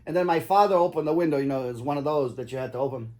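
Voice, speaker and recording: A middle-aged man races through casual stories for his kids in a fairly high voice with a darkish tone. He goes off on tangents, swears, and laughs at his own yarns.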